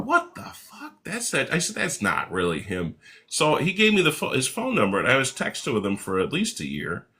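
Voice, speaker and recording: A man, an author and musician, guesting on an interview show and telling rambling, animated anecdotes full of restarts and the odd swear. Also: deep voice. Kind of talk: casual storytelling in an interview.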